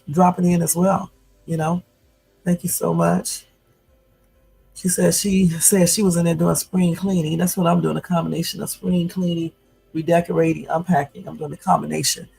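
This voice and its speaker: A woman in her fifties talks on a home livestream in a gravelly, husky voice. Her delivery is blunt and confrontational, loose and chatty with lots of fillers. Faint music plays in the background. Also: on the low side, a little mellow, low-quality recording. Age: 50s. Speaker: YouTube livestream host. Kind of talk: casual livestream talk.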